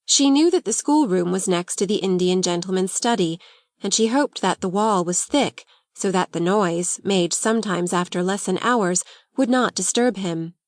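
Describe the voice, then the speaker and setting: A woman's voice: mid-range voice, normal speed, no echo, studio quality. Woman narrating a classic novel. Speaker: audiobook narrator.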